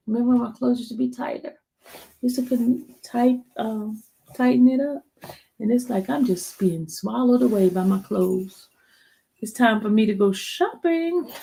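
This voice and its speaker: A woman's voice: a little high, vocal fry, darkish tone, low-quality recording. A woman vlogger chatting casually to her viewers, rambling and answering comments from live chat.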